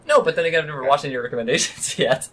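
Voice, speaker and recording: A man co-hosting a podcast, talking quickly and laughing easily in casual chat. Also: a little high, pushed and bright. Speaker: podcast co-host.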